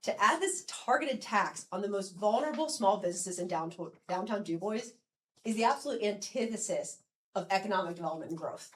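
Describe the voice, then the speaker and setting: A congested woman in her forties speaks firmly at the lectern, pressing her point with steady persuasion. She sounds a bit short of breath and fills pauses with ums, over a faint hiss. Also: mid-range voice. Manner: firm, persuasive, frequent ums. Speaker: public commenter. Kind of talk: public comment at a council meeting.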